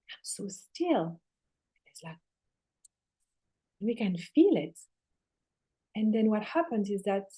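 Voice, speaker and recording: A woman spiritual teacher speaking as a guest in casual spiritual talk, swearing casually and sometimes dropping into soft near-whispers. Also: mid-range voice.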